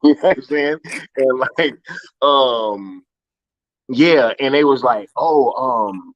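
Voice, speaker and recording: Relaxed male host from Inglewood, California, slangy, chuckling, muffled lo-fi mic. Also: mid-range voice, slow, no echo. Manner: laid-back, laughs often, heavy slang. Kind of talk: casual live-stream chat.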